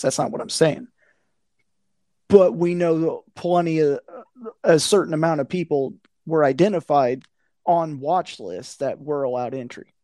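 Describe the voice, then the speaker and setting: A man's voice: a little high, gravelly, warm tone, dry recording, clean studio sound. A man in casual conversation, blunt and profane, ranting with a conspiratorial tone. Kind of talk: casual chat.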